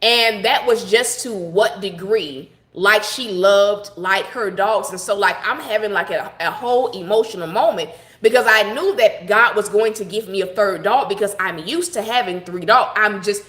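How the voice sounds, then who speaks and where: A woman's voice: mid-range voice, moderate pace, few pauses, fairly bright tone, echoey room. A middle-aged woman giving a personal devotional talk, telling her story in a conversational, heartfelt and reflective way. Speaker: devotional broadcaster.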